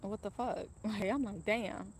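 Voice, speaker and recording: A woman's voice: mid-range voice, flat delivery, a little slow, a little hiss or hum. Candid, profane woman telling a story. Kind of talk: casual personal storytelling.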